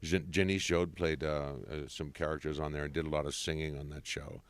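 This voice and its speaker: Jovial man with a smooth, dry voice. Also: very deep voice, flat delivery, brisk, no echo. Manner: jovial storyteller, slips into voices and big laughs. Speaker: voice actor guest. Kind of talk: convention interview chat. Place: convention room.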